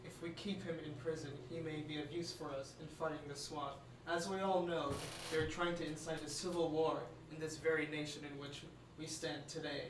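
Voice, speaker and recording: A man's voice: a little high, fairly even intonation, normal speed, few pauses, noisy background. Man arguing in character, off-mic. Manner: argumentative, persuasive. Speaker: player. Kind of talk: playing a tabletop game in character. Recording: distant, roomy live stream audio.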